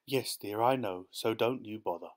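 A woman's voice: a bass voice, moderate pace. A man reading aloud, voicing a meek, anxious older wife who speaks in a pleading, fretful way.

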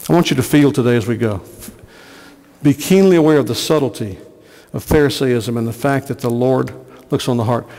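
Preaching pastor in a reverberant church. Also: male voice, mid-range voice, a little fast, warm tone. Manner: earnest preaching, repeats phrases for emphasis. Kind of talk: sermon. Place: church sanctuary.

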